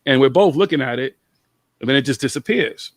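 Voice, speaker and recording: A man's voice: medium pitch, lively intonation, a little fast, dry recording. A man telling stories in casual chat, blunt and full of slang.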